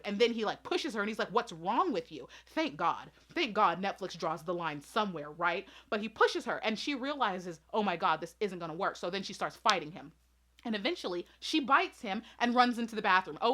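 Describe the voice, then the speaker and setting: A woman's voice: mid-range voice, a bit bright. A woman reviewing a movie in an indignant, emphatic way, firing rhetorical questions and talking straight to her audience.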